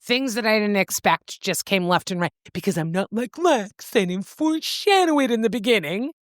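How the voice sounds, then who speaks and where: A woman's voice: medium pitch, lively intonation, normal speed, no room sound, studio quality. A woman co-hosting a book podcast, animatedly retelling a novel's plot and swearing freely. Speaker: podcast co-host. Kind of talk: casual book-club recap.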